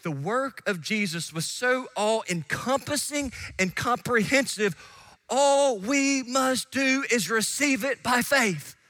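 A man preaching a sermon as pastor, swinging from hushed asides to shouted emphasis and quickly acting out the voices of listeners. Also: very high voice, expressive. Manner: acts out listeners and biblical figures in quick quoted asides.

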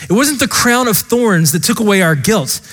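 Impassioned high-voiced male preacher. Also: lively intonation, moderate pace, a bit bright, big-room sound. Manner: earnest, impassioned preaching with repeated direct address. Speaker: pastor. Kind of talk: sermon.

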